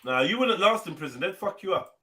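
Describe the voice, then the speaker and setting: A man's voice: high voice, expressive, brisk, pushed and bright, husky, dry recording. A man hosting a live online panel, teasing callers in slangy casual chat. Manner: teasing, laughs a lot, slangy.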